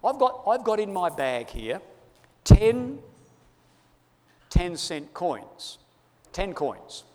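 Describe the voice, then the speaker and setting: Australian guy, slightly higher voice, jokey crowd-work speaker, long hall echo. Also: big pitch swings, slow. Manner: playful, teasing banter with the audience. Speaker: speaker giving a presentation. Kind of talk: lively audience-participation talk. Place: large hall before a live audience.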